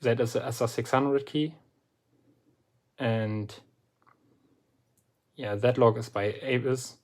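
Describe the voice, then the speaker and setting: Slow, deliberate man explaining a lock. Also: mid-range voice, fairly even intonation, darkish tone. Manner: slow and deliberate, pauses often between phrases. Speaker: lock picking hobbyist presenting a lock. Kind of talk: relaxed instructional walkthrough.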